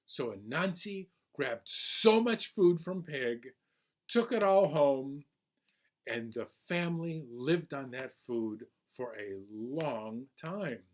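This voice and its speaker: A man reading a folk tale aloud at a children's storytime, animated and asking listeners questions. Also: mid-range voice, takes it slowly.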